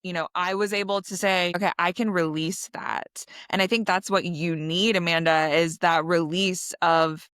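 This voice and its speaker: Measured female host in casual chat. Smooth lower voice, dry and close. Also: steady tone, fairly bright tone, dry recording. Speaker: podcast host.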